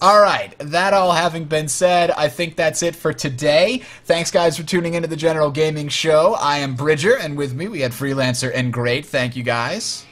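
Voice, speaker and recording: A man's voice: fairly high pitch, normal speed, few pauses. Laid-back young man hosting a gaming show. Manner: relaxed, laughs often, many uh fillers. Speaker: podcast and stream host. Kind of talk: casual gaming chat.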